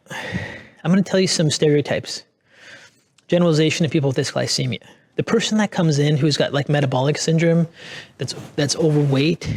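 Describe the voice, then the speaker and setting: Man giving a clinical lecture. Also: mid-range voice. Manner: unscripted, restarts phrases, acts out patient quotes. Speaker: course instructor.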